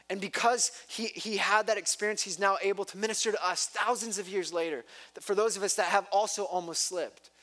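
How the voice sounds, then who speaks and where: Male pastor in his thirties, high-pitched, preaches with passion and loose, chatty asides. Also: fairly bright tone. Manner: impassioned, rising to emphatic peaks, chatty asides. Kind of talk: sermon. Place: church.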